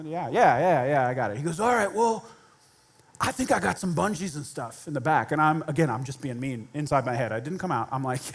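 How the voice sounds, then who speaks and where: Man, pastor, storytelling sermon, self-deprecating, slightly high voice. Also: big pitch swings, moderate pace, pauses often. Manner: self-deprecating, conversational, laughs at himself.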